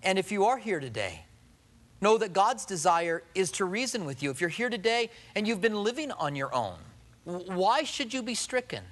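A male pastor preaching a sermon earnestly, swinging from emphatic lines to hushed, softer ones. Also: sits high, very animated, normal speed.

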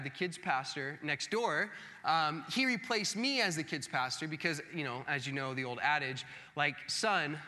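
Man, thirties, pastor, storytelling sermon, self-mocking, animated, very bright tone, long hall reverb. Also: on the high side.

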